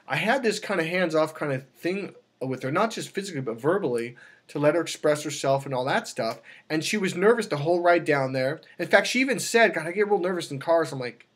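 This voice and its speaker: A man coaching on dating, telling a long personal story in a casual way and acting out the people in it with sudden high exclamations. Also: slightly rough. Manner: animated, acts out quotes with sudden high exclamations.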